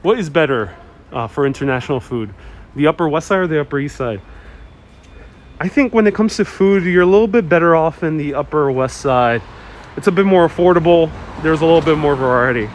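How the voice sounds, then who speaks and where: Man chatting casually on a city walk. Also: fairly high pitch. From Queens, New York. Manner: reads viewer comments aloud and answers them. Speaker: live-stream walking tour host. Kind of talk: casual live-stream chat while walking. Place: city street outdoors. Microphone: wireless clip-on mic while walking. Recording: outdoor street recording with faint traffic noise. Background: street traffic.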